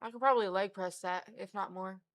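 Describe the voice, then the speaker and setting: A woman's voice: medium pitch, steady tone, a little fast, a bit bright. A young woman co-hosting a casual livestream, teasing and blunt. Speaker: co-host.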